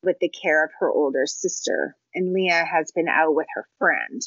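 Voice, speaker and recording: A woman's voice: deep voice, expressive, moderate pace, a bit bright, dry recording. Chatty woman recapping a book. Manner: chatty, informal summarizing. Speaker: book discussion guest. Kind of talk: casual chat. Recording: dry, slightly muffled audio.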